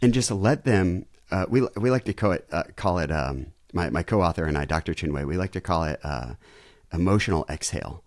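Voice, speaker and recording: A man's voice: low-pitched, fairly quick, no room sound, studio quality. A man, a pastor, talking as a podcast guest and vividly acting out everyday family scenes. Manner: animated storyteller who acts out family scenes. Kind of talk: conversational interview.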